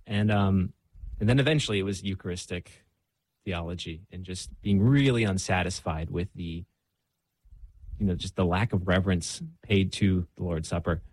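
A man's voice: sits low, normal speed, darkish tone, no room sound. A young man telling his own faith story in a candid, self-deprecating way, full of fillers and restarts. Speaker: guest. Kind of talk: casual faith conversation.

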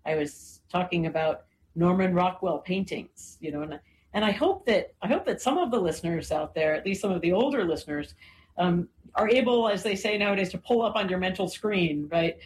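Woman, low-ish register, conversational explainer, leans on fillers and tag questions; light background noise. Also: brisk, poor audio. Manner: frequent "right?" and "you know" fillers, thoughtful. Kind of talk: conversational lecture.

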